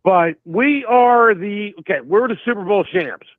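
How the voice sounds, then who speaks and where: A caller from Delaware phones into a sports show for a fired-up fan rant, hammering his points emphatically and repeating himself. His high voice has lively intonation and a measured pace, and the dry recording comes through a tinny phone line.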